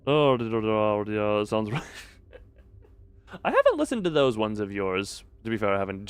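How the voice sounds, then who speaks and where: A man's voice: fairly low pitch, huge pitch swings, measured pace, pauses often, clean tone, no room sound. Rambling, jokey streamer guy, dry sound. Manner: rambling, self-mocking, jokey, often breaks off into laughs. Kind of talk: casual live-stream chat.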